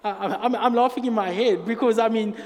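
A man's voice: high-pitched, brisk, darkish tone, slight background noise. A man preaching a sermon as pastor, earnest and emphatic, drawing out key phrases. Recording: long hall reverb.

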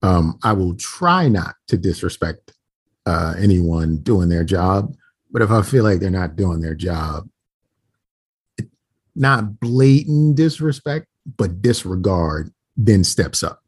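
A man's voice: sits low, lively intonation, slow, breathy edge, dry recording. A man in his forties chatting casually as a podcast co-host, blunt and profane, acting out quoted voices in his stories. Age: 40s. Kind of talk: casual chat.

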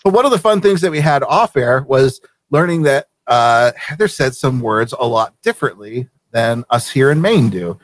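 A man from Vermont hosting a casual live show, easygoing and quick to laugh. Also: medium pitch, expressive, no echo. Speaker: show host.

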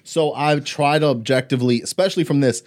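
A man's voice: a little high, fast talker, a little mellow. A man chatting casually on a podcast about his younger brother, rambling and leaning on fillers. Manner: rambling, filler-heavy talk.

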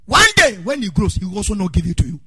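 Loud, sing-song Ghanaian preacher, man. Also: high-pitched, big pitch swings, fast, breathy edge, no echo. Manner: preaching with call and response, sing-song shouting, storytelling. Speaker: pastor. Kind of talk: sermon.

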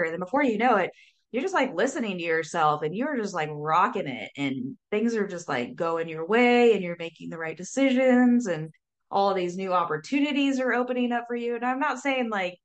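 A woman talking casually as a sober coach guest, lively, full of fillers and acted-out quotes. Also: medium pitch, normal speed. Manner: animated, says "like" often, acts out quotes. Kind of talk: casual interview talk.

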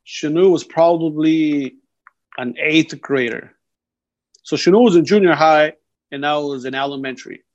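Young man, slangy storyteller, slightly high voice, dull recording. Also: moderate pace. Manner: slangy, animated, says "bro" a lot. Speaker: podcast guest. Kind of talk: casual storytelling. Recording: dull lo-fi sound.

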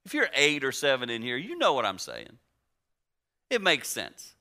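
A man in his sixties preaching a story-driven sermon in a conversational way, moving between hushed and emphatic. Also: mid-range voice, huge pitch swings, normal speed. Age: 60s.

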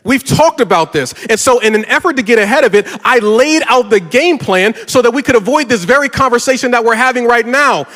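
A middle-aged man, a pastor, preaching a sermon and telling a story with lively, rising energy. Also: fast, few pauses. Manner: animated, gets louder and higher telling a story. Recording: reverberant hall.

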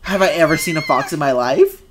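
A woman co-hosting a podcast in casual chat, blunt and profane, breaking into loud laughing shouts. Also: deep voice, huge pitch swings, brisk, background noise. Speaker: podcast co-host.

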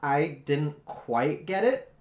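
A man's voice: on the high side, big pitch swings, takes it slowly, a little mellow. A man co-hosting a casual chat podcast, rambling with many fillers and frequent swearing. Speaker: podcast co-host. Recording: roomy echo.

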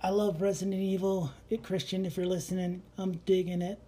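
A man's voice: high-pitched, brisk. A man co-hosting a podcast in casual chat, telling stories with lots of animation and laughter. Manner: animated storyteller, laughs often. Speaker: podcast co-host.

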